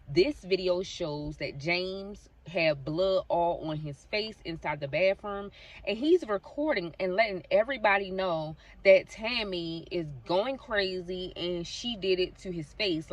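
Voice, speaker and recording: Recorded from a distance, a woman with a fairly low, unhurried voice chats through a true-crime story for her vlog. She addresses viewers directly and fills her talk with phrases like "so basically."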